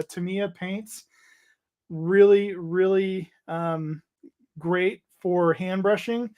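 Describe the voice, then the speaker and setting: This livestream host has a high voice with a darkish tone. Running a casual hobby stream, he chats loosely and haltingly, rambles, reads out chat messages, and keeps trailing off and starting again.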